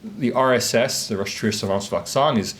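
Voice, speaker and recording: A man's voice: mid-range voice, normal speed. A man, an academic, giving a conference talk to a live audience, speaking from notes in a questioning lecture style. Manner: lively, questioning lecture delivery. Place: conference room.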